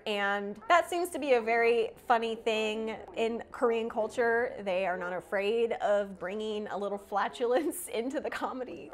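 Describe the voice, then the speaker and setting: A woman hosting a casual movie reaction video, talking to herself with quick gasps and frequent laughter. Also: on the high side. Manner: excitable, gasps and laughs often, talks to herself.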